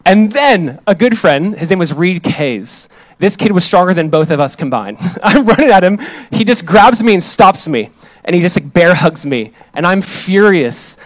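A young man preaching a sermon as pastor, telling a personal story in an animated, conversational way. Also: high voice, normal speed, dry recording. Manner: animated storytelling, voices others in quotes.

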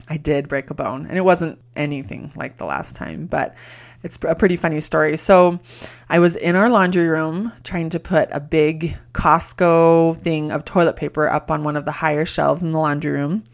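A woman with a notably low, deep-set voice hosts her show and tells a story about herself. She talks casually and chattily, pokes fun at herself and scatters filler words through her sentences. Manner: chatty and self-deprecating, many filler likes. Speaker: podcast host.

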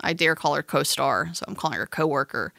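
A woman's voice: low-pitched, animated, a little fast, gravelly, pushed and bright, dry recording, clean studio sound. A woman co-hosting a podcast, chatty and teasing, rambling through a film plot with restarts. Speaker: podcast co-host describing a film. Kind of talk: casual chat.

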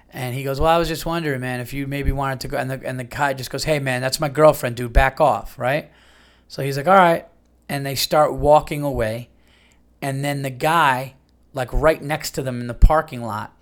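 Man, podcast host, rambling casual storytelling, mid-pitched voice, fillers and restarts. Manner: animated retelling with many fillers and restarts.

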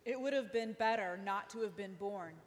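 A woman reading scripture aloud in a slow, solemn group reading. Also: mid-range voice. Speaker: scripture reader. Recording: hall reverb.

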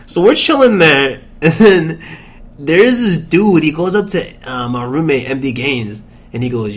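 A young man on a podcast telling a long story with lots of laughter, quoting people in a lower mutter. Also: moderate pace, a little hiss or hum. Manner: animated, laughing storyteller, drops into low mutters when quoting. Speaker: podcast co-host. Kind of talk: casual storytelling chat.

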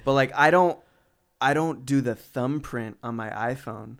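A young man chats as a podcast guest, relaxed and slangy, and he laughs easily. His voice is smooth and clear, at a middle pitch. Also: a little slow. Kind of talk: casual chat.

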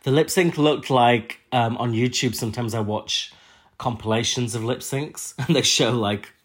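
A man's voice: medium pitch, moderate pace. A man co-hosts a comedy podcast in a nasal, stuffed-up voice. He makes dry jokes in easy, casual chat. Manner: dry, joking. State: congested from allergies. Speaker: podcast co-host.

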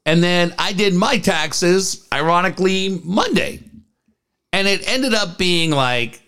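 Animated, profane talk-radio man. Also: high-pitched, slow pace, clear, resonant tone. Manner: profane, animated storytelling rants. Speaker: radio co-host. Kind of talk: casual talk radio with live ad reads.

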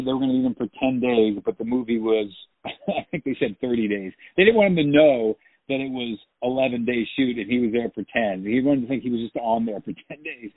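A man spins stories from his film work over a telephone line that sounds thin and tinny. He talks in a chatty, easygoing way and laughs often. The line is dry, with no room echo. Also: medium pitch. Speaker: actor, interview guest. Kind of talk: phone interview, anecdotes.

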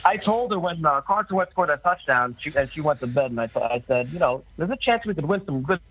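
A man with a New York accent calling in as a podcast guest, talking in halting, restarting sentences. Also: fairly high pitch, animated, fairly bright tone, slightly rough, dry recording, low-quality recording. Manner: halting, laughing easily. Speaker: phone-in guest. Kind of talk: casual chat.

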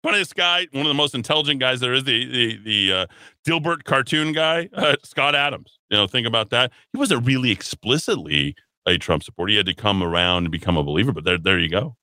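Forceful, bright, and expressive, a male radio host with a mid-range voice talks a little fast on a smooth, dry recording. He reads an article aloud while mocking it, using a put-on snooty voice and sarcastic asides, tripping over restarts and laughing at his own humor.

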